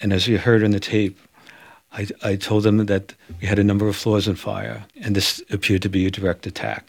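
A man who is a fire chief, recounting events in an interview in a measured, halting way. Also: fairly low pitch, flat delivery, vocal fry, breathy edge, no echo.

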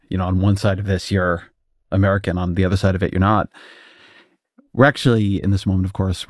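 A man hosting an interview, asking thoughtful, measured questions. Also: deep voice, a little mellow, no echo, clean studio sound. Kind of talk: conversational interview.

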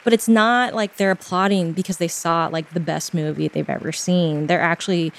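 A woman hosting a podcast, narrating a radio story in a measured, scripted way. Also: lowish voice, fairly even intonation, creaky. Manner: scripted storytelling with slow pauses. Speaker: podcast host.

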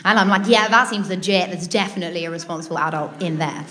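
A woman's voice: lowish voice, normal speed, pushed and bright, slight background noise. A British woman telling a personal story to an audience in a chatty, amused, self-mocking way. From Britain. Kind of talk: personal anecdote told to a live audience.

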